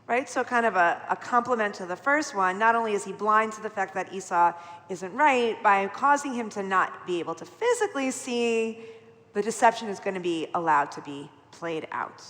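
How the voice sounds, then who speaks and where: A middle-aged woman leading Torah study in a conversational, animated way, often checking in with "right?". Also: mid-range voice, moderate pace. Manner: chatty, animated, peppered with "right?". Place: large synagogue sanctuary. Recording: long hall reverb from a live broadcast.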